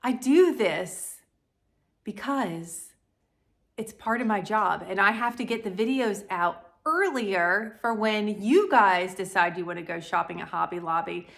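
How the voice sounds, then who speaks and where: A woman's voice: mid-range voice, fairly bright tone. Blunt folksy woman vlogging. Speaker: home decor YouTuber. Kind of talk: casual decorate-with-me vlog. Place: at home.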